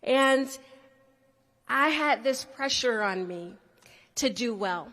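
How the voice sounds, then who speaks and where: A woman's voice: a little high, expressive, slow pace, fairly bright tone, long reverb tail. A woman telling a playful personal story to a student audience, often speaking to the crowd directly. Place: large hall.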